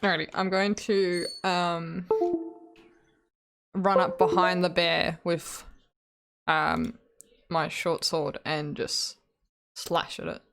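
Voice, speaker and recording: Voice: medium pitch, level tone, takes it slowly, gravelly, long pauses, a bit bright, faint music behind. A player in a tabletop game, eager and chatty.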